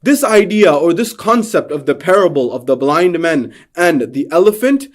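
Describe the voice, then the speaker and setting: A man giving a religious lecture, telling a parable with dramatic rises and builds of rhetorical questions. His voice sits a little on the high side for a man. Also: expressive, normal speed.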